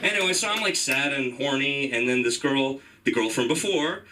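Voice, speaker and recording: A young man from Iran doing a rambling stand-up set at an open mic, jumping into high, excited voices when he quotes people. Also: moderate pace, noisy background. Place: comedy club stage. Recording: distant mic in a club room with audience. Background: audience laughing.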